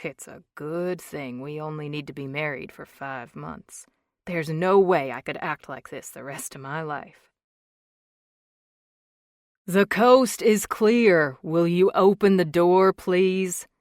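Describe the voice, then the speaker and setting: A woman's voice: low voice, a little slow, dry recording, studio quality. A woman narrator voicing a sarcastic, hot-tempered young man who teases wryly and drags out his words. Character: cocky teasing young man, sarcastic billionaire.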